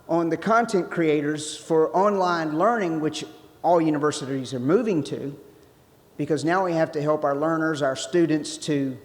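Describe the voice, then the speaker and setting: A man giving a conversational sermon-style talk as a guest speaker, restarting phrases and adding joking asides. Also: a little high. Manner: conversational, self-interrupting, jokey asides. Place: church sanctuary. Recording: long hall reverb.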